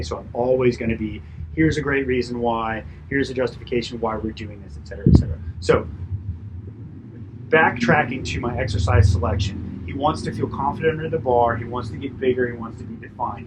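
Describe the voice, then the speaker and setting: A man working as a personal trainer, giving a chatty, animated debrief after a client session, full of fillers and asides. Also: medium pitch, quick pace, noisy background. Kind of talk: casual coaching debrief.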